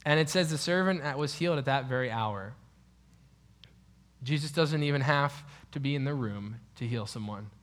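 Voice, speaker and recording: A man teaching a Bible passage in a relaxed, conversational way, with frequent fillers and restarts. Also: medium pitch, normal speed. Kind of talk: casual Bible study teaching.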